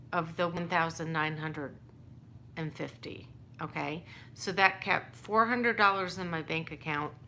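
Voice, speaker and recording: A woman's voice: on the low side, bright, forceful tone, a little hiss or hum. A woman telling a personal story in a casual, rambling way, exasperated and restarting often.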